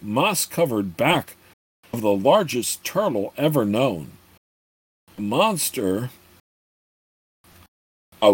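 A man's voice: medium pitch, slightly rough, no echo. A man reading a fantasy novel aloud in a hesitant way, often stumbling and restarting words. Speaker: narrator.

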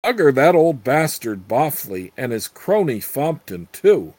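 A man's voice: mid-range voice, very animated, slow, slightly rough, no room sound, exaggerated voice. Guy doing a crude cackling old witch lady, brash and earthy, huskyish. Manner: brash, scheming, earthy talk.

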